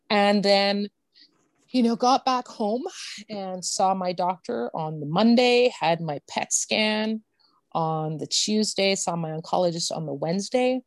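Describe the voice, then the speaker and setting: A woman's voice: mid-range voice, measured pace, no echo. A woman guest telling a personal story candidly and bluntly, swearing freely and laughing easily.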